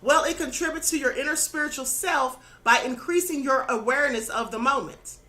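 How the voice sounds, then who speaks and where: Speaking fairly quickly, a channel host with a high, bright voice delivers a spiritual lesson in an earnest, teaching tone. She keeps checking in with "okay?" and "you know," and her voice sounds slightly worn, as though she's losing it.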